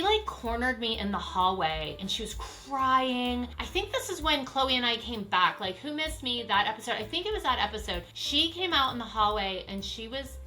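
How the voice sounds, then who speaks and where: A middle-aged woman chatting casually as she reacts to old clips, sassy and quick to laugh. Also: on the high side, pushed and bright. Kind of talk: casual chat.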